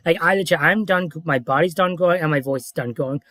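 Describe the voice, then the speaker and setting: A man's voice: on the high side, fast talker, sharp tone, no room sound, studio quality. A man in his twenties chatting eagerly on a livestream, peppering his talk with "dude" and "like". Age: 20s. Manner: eager, friendly, says "dude" and "like" often. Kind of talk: casual livestream chat.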